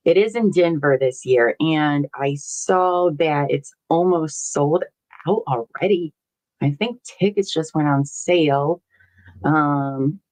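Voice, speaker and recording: Low-voiced with a darkish tone, a woman runs a casual livestream, chatting and rambling while reading viewer comments out loud, often laughing and swearing casually. The recording quality is low.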